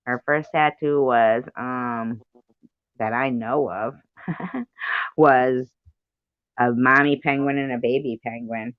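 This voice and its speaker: A woman's voice: a bass voice, steady tone, takes it slowly, long pauses, no echo. A woman hosting a livestream in casual chat, rambling and laughing often. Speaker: livestream host. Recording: muffled dry livestream audio.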